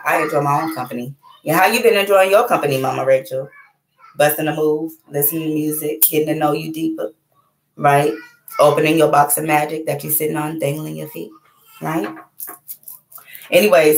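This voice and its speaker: A woman in her thirties telling a personal story in a casual monologue, candid and animated, swearing freely and often checking in with "right?". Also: deep voice, normal speed, creaky, long pauses, reverberant, slight background noise.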